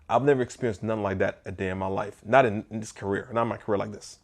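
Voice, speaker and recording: A man, a photographer, telling a story in a casual storytime vlog, animated and conversational with bits of mock disbelief. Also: lowish voice, rapid-fire, few pauses.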